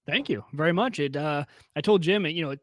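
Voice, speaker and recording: A man's voice: a little high, animated, a little fast, no room sound, clean studio sound. A young man co-hosting a podcast, chatting in an upbeat, joking way. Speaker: podcast co-host. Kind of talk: casual podcast chat.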